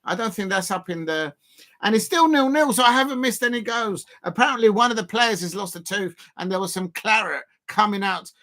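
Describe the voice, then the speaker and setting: Bright-voiced rambling streamer. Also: male voice, sits high, fairly quick. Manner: rambling, chatty, bursts into excited shouting at match incidents. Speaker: football watch-along streamer. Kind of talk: casual live commentary.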